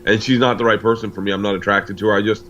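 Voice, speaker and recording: A man's voice: fairly low pitch, steady tone, rapid-fire, a bit bright, lo-fi sound, a little hiss or hum. A middle-aged man from the United States, a comedian guest telling a long personal story and acting out the dialogue. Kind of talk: storytelling in casual interview.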